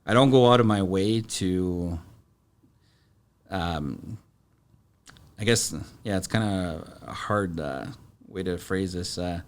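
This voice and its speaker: A middle-aged man, a podcast guest, telling stories in a halting, plain-spoken way full of fillers and restarts. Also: sits low. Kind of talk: casual storytelling.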